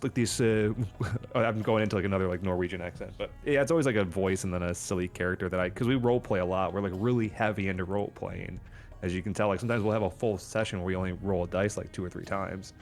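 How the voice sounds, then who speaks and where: A man in casual chat about tabletop role-playing, talking in an animated way and slipping into character voices. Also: deep voice, rapid-fire. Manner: animated, slips into character voices mid-sentence. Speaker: podcast co-host and tabletop player.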